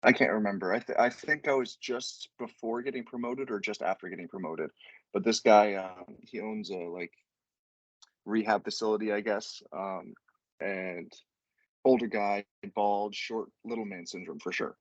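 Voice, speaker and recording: A man's voice: lowish voice, normal speed, dry recording, muffled recording. A man, a podcast guest, telling a rambling, profane story in casual chat and laughing as he goes.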